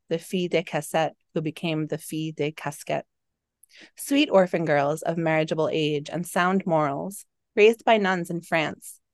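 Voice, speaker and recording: A woman author reading aloud from her own novel with an expressive, dramatic delivery. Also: lowish voice, no room sound, studio quality. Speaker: author and guest.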